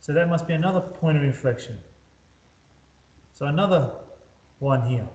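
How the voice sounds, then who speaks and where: A man's voice: on the high side, moderate pace, darkish tone. A man tutoring maths in a casual whiteboard lesson, chatty and repetitive, talking students through each step. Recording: roomy echo, slightly dull lo-fi sound.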